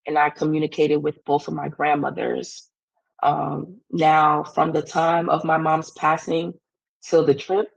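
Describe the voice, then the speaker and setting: A woman's voice: deep voice, creaky, low-quality recording. A woman as a podcast guest, telling a personal story in an earnest, casual way, full of "like" fillers. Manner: earnest, heavy use of "like" fillers.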